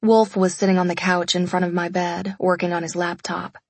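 A woman reads a first-person romance audiobook in an intimate, confessional tone. Her voice is breathy and a little husky, mid-pitched, recorded dry on a close mic. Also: flat delivery, brisk, darkish tone, dry recording. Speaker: audiobook narrator. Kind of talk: scripted first-person narration.

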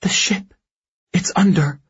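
A man puts on a frightened young woman lost at sea, her teeth chattering from the cold. The voice sits far above a low male register, a thin, airy whisper with hardly any tone behind it. This is whispered role-play from an audiobook, on a dull, muffled recording. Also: takes it slowly, a little mellow, slightly rough, exaggerated voice. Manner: thin, barely-there whisper.

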